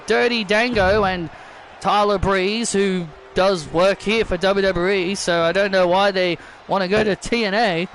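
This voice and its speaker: A man doing casual play-by-play commentary over a video game, rambling and repeating himself as he gets excited. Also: sits high, a little hiss or hum.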